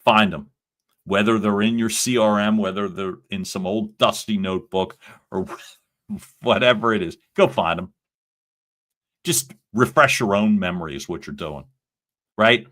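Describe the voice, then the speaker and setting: A man's voice: on the low side, a little slow, pauses often, fairly bright tone. A man coaching salespeople on a live stream, talking with energy and emphasis and acting out sample phone lines.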